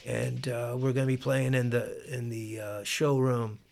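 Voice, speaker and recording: A man imitating a flashy showman who speaks in a hushed, clipped way. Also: medium pitch, level tone, a little slow, creaky. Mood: low-key confident. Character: flashy Italian showman, older man, smooth and terse.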